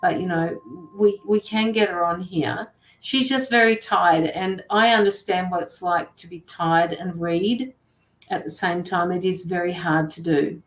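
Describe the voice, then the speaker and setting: Brief: middle-aged woman, lowish voice, rambling and blunt with casual swearing, roomy echo. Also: a little slow. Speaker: intuitive tarot and mediumship reader. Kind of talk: casual livestream reading.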